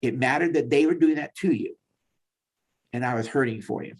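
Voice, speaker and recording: A man's voice: medium pitch, brisk. A man, a therapist guest, sharing a heartfelt personal testimony in conversation and acting out the dialogue as he tells it. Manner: heartfelt storytelling, acts out dialogue. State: tearful at times.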